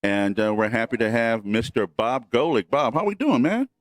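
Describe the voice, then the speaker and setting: A man's voice: medium pitch, animated, normal speed, no room sound. A man co-hosting a sports podcast, greeting the guest and stacking up friendly questions. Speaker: podcast co-host. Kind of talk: casual sports interview.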